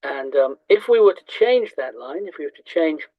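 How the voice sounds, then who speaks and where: A man in his sixties teaching Chinese metaphysics in a thoughtful, halting way, with frequent pauses and restarts. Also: fairly high pitch, animated, no room sound. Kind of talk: reflective teaching talk with anecdotes. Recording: dry, slightly dull recording.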